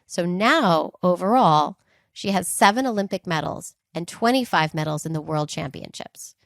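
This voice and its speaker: A woman's voice: lowish voice, moderate pace, vocal fry, no echo, clean studio sound. A woman co-hosting a podcast, telling stories in casual chat with playful asides. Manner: animated storyteller, playful asides. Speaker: podcast co-host.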